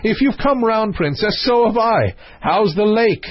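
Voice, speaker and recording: A man's voice: mid-range voice, wildly swooping pitch, slow pace, slightly rough, highs cut off, exaggerated voice. A man voicing a cheerful, doting young prince in a storybook reading.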